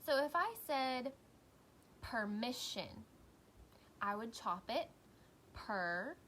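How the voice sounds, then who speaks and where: A woman teacher records a lesson for young children, speaking slowly with a lively, rising and falling voice. She encourages warmly and sounds out each word with care. Faint noise sits behind her. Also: on the high side. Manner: slow, encouraging, clearly sounding out words.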